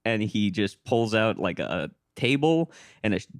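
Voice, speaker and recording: A man's voice: on the low side, measured pace, dry recording, clean studio sound. A young American man from a small town, telling a long story on a casual podcast and acting out the people in it. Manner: animated storyteller acting out quoted voices. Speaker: podcast host.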